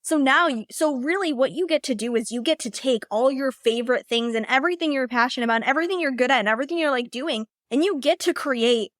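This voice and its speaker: A young woman with a fairly high voice shares her own story as a podcast host, chatty and loose, sprinkling in "like" and little laughs. The sound is dry and close, with no room around it. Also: fast, hardly any pauses, fairly bright tone, no echo. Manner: casual, heavy use of "like", laughs often. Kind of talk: personal storytelling monologue.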